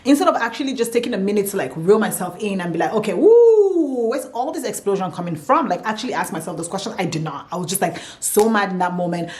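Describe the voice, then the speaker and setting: A woman's voice: fairly low pitch, darkish tone. A young woman telling a candid, emotional personal story in a casual vlog, swearing now and then. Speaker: vlogger.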